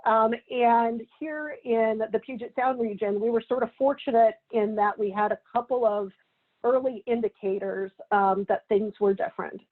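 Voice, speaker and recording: A woman giving a conversational public health lecture, unhurried and full of ums and uhs. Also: on the high side, steady tone. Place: Seattle area. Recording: tinny phone-like audio.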